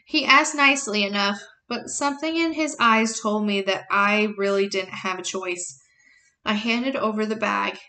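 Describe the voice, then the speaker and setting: A woman reading a novel chapter aloud as a teacher, plain and unhurried, correcting herself and adding short explanations. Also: mid-range voice, pushed and bright.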